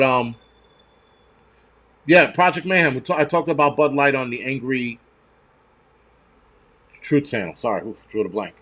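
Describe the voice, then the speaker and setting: A man's voice: medium pitch, a bit bright. Ranting New man in his forties. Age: 40s. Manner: profane, ranting, mocking. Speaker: livestream host. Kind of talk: casual livestream rant.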